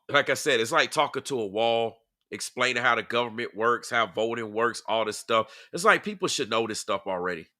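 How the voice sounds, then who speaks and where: A man's voice: medium pitch, pushed and bright, no echo, studio quality. A man hosting a live stream in a casual, emphatic way, repeating his points and talking back to his chat.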